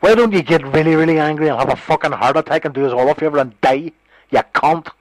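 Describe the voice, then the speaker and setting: A man argues on a call, his voice pitched high and recorded dry and close. He is scornful and combative, and he swears constantly. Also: quick pace, no room sound, rough recording. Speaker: phone call participant. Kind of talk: heated phone argument.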